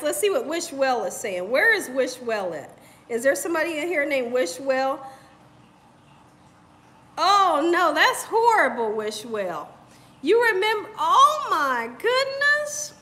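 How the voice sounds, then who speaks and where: High bright chatty woman host. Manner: chatty, laughs often, repeats herself for emphasis. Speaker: cooking channel host. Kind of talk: casual livestream chat.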